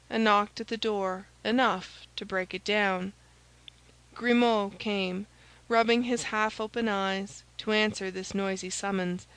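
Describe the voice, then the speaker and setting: A woman narrating a classic novel as an audiobook, reading in a steady, even way. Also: medium pitch, clear, resonant tone, rough recording. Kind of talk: scripted narration.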